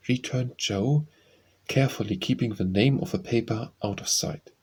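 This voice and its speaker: A man narrating a classic novel as an audiobook in a measured, even-toned way. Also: medium pitch, slightly rough, low-quality recording.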